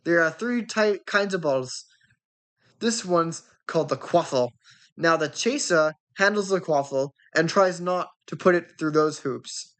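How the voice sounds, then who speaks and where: Casting note: keen young team captain, deliberate delivery, read by a woman. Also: expressive. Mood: explaining. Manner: lower-pitched, explaining step by step. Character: brisk young male sports captain, keen.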